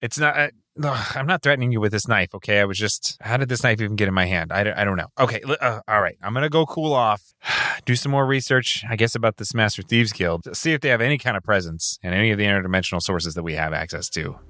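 A man's voice: on the low side, fast talker, bright, forceful tone, dry recording, studio quality. A man playing an obsessed thief-hunter. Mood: flustered. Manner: intense, fixated, rambling. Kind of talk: audio drama acting.

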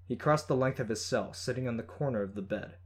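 A man reading a first-person story in a steady, measured way. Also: mid-range voice. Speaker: audiobook narrator. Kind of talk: scripted first-person narration.

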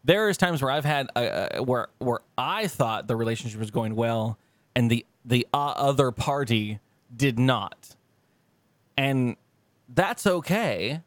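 A man co-hosting a casual podcast chat, rambling and swearing, his pitch jumping high when he quotes himself. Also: expressive, unhurried, no echo. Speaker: podcast co-host.

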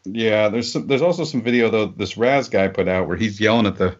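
A man's voice: lowish voice, fairly quick. A man co-hosting a casual political podcast, rambling with frequent fillers and restarts. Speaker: podcast co-host. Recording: dull lo-fi podcast audio.

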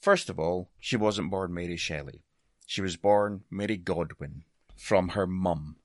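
A man's voice: low voice, measured pace, no room sound, studio quality. A Scottish man chatting casually on a podcast, laughing often and swearing in a self-deprecating way. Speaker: podcast guest presenter. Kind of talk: casual chat.

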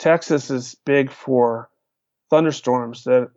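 Slowly and in a darkish, medium-pitched voice, a man appearing as a guest tells long casual stories, rambling with many fillers and restarted sentences. The recording is dull and lo-fi, with no echo.

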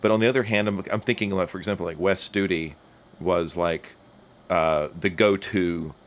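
Low-voiced rambling podcast co-host, a man. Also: steady tone, moderate pace. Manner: rambling, restarts questions, laughs at himself. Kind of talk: casual chat.

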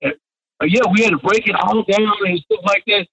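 A man's voice: high voice, fairly even intonation, normal speed, creaky, fairly bright tone, breathy edge. A man in his sixties, a retired pro wrestler, telling rambling stories in an interview. He often repeats "and stuff like that.". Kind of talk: anecdotal storytelling. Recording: dull lo-fi radio sound.

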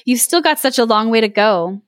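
A woman podcast host reading a fairy tale aloud, playful and animated with voices and laughs, breaking off to chat with her co-host. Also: fairly high pitch, a little fast, dry recording, studio quality. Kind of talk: storybook read-aloud with chat.

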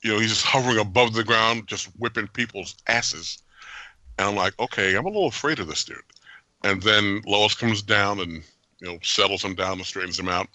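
Bright, dry-voiced man reviewing a film. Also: mid-range voice, dry recording. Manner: animated, jokey, opinionated, laughs often. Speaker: podcast host. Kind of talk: casual movie review chat.

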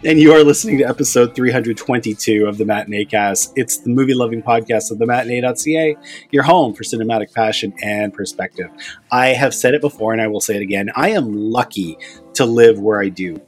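A man's voice: mid-range voice, fairly quick, slightly rough, faint music behind. A middle-aged man from Canada hosting a film podcast, chatty and self-mocking as he talks with his guest. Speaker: podcast host. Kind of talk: casual podcast chat and intro.

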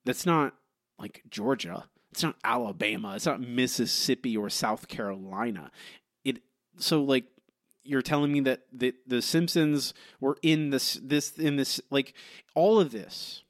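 A man co-hosting a podcast, ranting in an animated, incredulous way in casual chat. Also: mid-range voice, a little slow, no room sound, clean studio sound. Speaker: podcast co-host.

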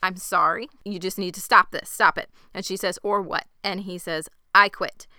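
Woman, casual recap, bright clear voice, dry close sound. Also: lowish voice, normal speed, dry recording. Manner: animated retelling, quoting characters. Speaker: podcast co-host. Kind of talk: casual chat.

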